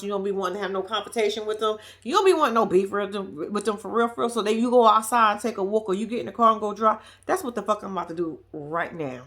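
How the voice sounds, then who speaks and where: A woman's voice: medium pitch, a bit bright. A young woman giving blunt, profane, sassy reaction commentary on a reality show, talking straight to her viewers.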